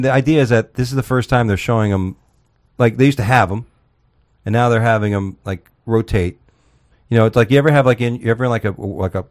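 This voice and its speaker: A man's voice: fairly low pitch, darkish tone. A man hosting a comedy talk radio show, rambling loosely, swearing and laughing at his own jokes. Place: Florida.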